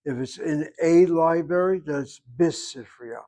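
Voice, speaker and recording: A man's voice: a little high, steady tone, normal speed, darkish tone. An older man teaching a Hebrew class, joking and digressing, then patiently correcting a student's pronunciation. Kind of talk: online class instruction.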